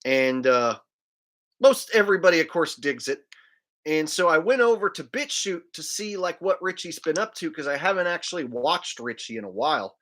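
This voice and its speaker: A man's voice: fairly high pitch, sing-song, normal speed, fairly bright tone. A man hosting a casual livestream, rambling loosely and dropping "man" and "like" as he talks. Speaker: livestream host.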